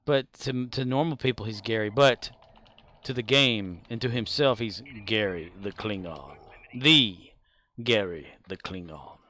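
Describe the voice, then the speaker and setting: A man's voice: medium pitch, measured pace, sharp tone. A man streaming a game live, chatting casually and playfully with his chat. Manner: playful, puts on silly character voices.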